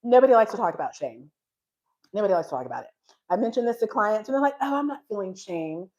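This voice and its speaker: A woman giving a casual Bible teaching, an animated storyteller who acts out dialogue, frank and self-deprecating. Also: medium pitch, quick pace, highs cut off. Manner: animated storytelling, acting out dialogue with laughs and sighs.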